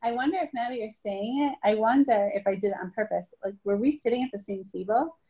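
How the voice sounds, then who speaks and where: A woman's voice: fairly high pitch, fairly quick, dark tone, breathy edge. A woman in her thirties, a podcast co-host and dating coach, chatting casually with frequent laughter. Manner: chatty, laughs often, reflective asides. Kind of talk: casual conversation.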